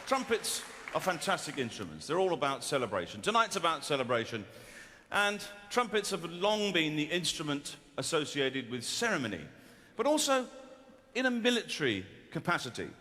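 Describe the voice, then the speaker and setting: A man's voice: on the high side, very animated, normal speed. A man from the West Country of England doing stand-up comedy on a theatre stage, in a wry, rambling style full of asides. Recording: reverberant hall with loud crowd.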